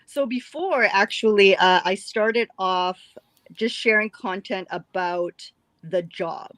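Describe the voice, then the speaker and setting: A woman's voice: mid-range voice, slow pace, fairly bright tone, dry recording. A woman chatting casually as a livestream guest, talking about her online work and laughing often. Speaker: guest, former cabin crew content creator.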